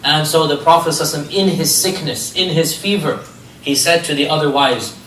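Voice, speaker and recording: A man giving an animated religious history lecture, telling stories and asking his listeners rhetorical questions. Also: fairly high pitch, fast talker, a little hiss or hum. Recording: echoey room, distant mic, faint ambience.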